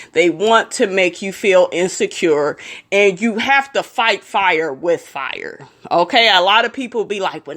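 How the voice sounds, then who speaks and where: A woman's voice: medium pitch, a bit bright. A woman vlogger giving blunt, profane, emphatic commentary straight to her viewers. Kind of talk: casual commentary.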